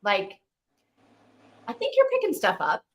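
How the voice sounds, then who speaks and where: A woman's voice: medium pitch, huge pitch swings, a little slow. A young woman co-hosting a book club stream, chatting casually and laughing easily.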